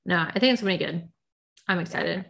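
Gravelly-voiced woman joking around. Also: on the low side, a bit bright. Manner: joking, self-mocking, quick asides. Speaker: podcast co-host. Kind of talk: casual chat.

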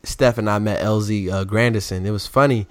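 A man's voice: fairly low pitch, steady tone, brisk, no echo. A young man from the DMV area co-hosting a casual chat, telling stories and acting out quotes in raised voices. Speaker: podcast co-host.

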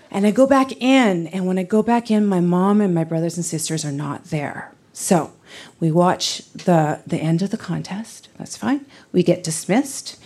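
A woman's voice: fairly low pitch, breathy edge. A woman telling a personal story at a live storytelling night, acting out what people said and laughing often. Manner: animated, acts out quotes, laughs often.

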